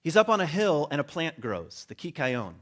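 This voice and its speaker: A man giving a relaxed, conversational sermon. His voice sits a touch higher than most men's. He slips into the voices of the people in his story and drops low for asides. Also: normal speed. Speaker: pastor.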